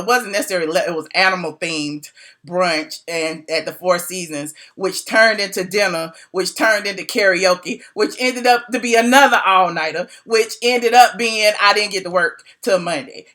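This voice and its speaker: A middle-aged woman blogger spilling gossip to her viewers in casual speech, acting out quotes in a high voice and laughing often. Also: sharp tone. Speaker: blogger doing a live video.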